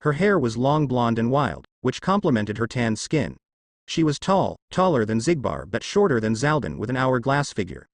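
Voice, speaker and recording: A man reading fan fiction aloud as narrator in a steady storytelling way. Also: medium pitch, moderate pace, vocal fry, dry recording.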